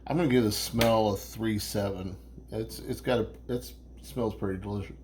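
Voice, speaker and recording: A man's voice: on the low side, steady tone, moderate pace, darkish tone, slight background noise. A man hosting a casual beer review vlog, rambling and swearing, with lots of restarts.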